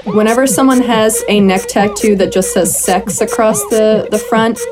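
This woman co-hosts a film podcast, speaking at normal speed in a mid-range voice with fairly even intonation. The chat is casual and animated, full of acted-out quotes and plenty of swearing.

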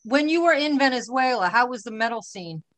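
A friendly woman in her fifties hosts a podcast. She talks in an upbeat, chatty way, and her voice sits a little high. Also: expressive, fairly quick, a bit bright, no echo. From Boston, USA. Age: 50s. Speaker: podcast host. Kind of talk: podcast intro and interview.

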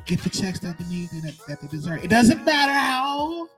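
A man's voice: high voice, big pitch swings, fairly quick, a bit bright, voice pushed up. A man doing an impression of a boastful male politician, making brash, emphatic promises. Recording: music playing clearly behind.

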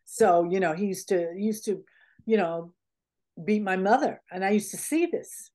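A middle-aged American woman with a medium-pitched, dark-toned voice speaks at a moderate pace. Appearing as a guest in a casual interview, she rambles through heartfelt stories, dropping "you know" and other fillers often.

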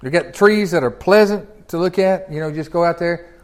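A folksy man with a drawl teaches scripture to a small group. His voice sits high for a man, and his delivery is animated and conversational, broken up by chuckles and restarts. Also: moderate pace. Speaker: pastor teaching a Bible class.

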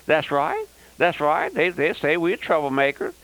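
A man's voice: fairly high pitch, huge pitch swings, a little slow, a bit bright, low-quality recording. An older man preaching a fiery, emphatic radio sermon and repeating "that's right.". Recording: old radio broadcast.

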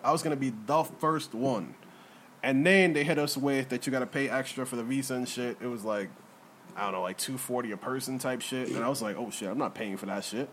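A man's voice: mid-range voice, a little hiss or hum. A man co-hosting a podcast in casual chat, joking and swearing freely. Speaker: podcast co-host. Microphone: podcast mic.

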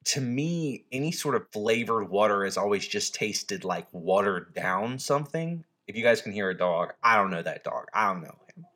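Chatty low-voiced man co-hosting. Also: normal speed, few pauses. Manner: chatty, jokey, animated storyteller. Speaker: podcast co-host. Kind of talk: casual chat.

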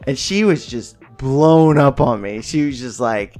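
A man's voice: mid-range voice, a little slow. Young guy on a podcast, swears a ton, acts out his mom and brother, light music under it. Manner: animated, swears a lot, acts out family quotes. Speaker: podcast co-host. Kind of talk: casual chat, storytelling.

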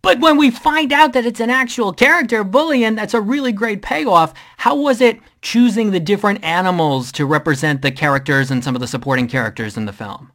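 An interviewer asking upbeat, casual questions about a film and chiming in with quick agreement. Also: mid-range voice, a bit bright.

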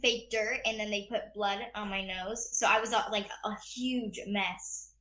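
A woman's voice: medium pitch, steady tone, a little slow, bright, forceful tone. A woman interviewed about her acting work, talking in a bubbly, gushing way with lots of fillers. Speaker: actress being interviewed. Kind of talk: casual interview chat.

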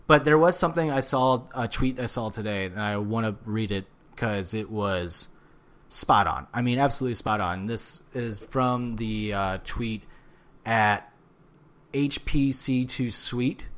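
A man co-hosting a casual wrestling podcast, ranting and swearing with animated bursts of shouting. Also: fairly low pitch, measured pace. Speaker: podcast co-host. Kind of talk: casual wrestling recap chat.

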